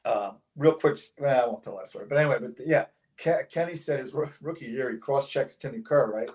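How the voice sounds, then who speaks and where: A male host talks in an easy, relaxed way, with a pitch in the ordinary middle range. He mostly chimes in with quick agreements and sometimes tells a story of his own. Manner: relaxed, chiming in with short agreements. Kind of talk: casual conversation.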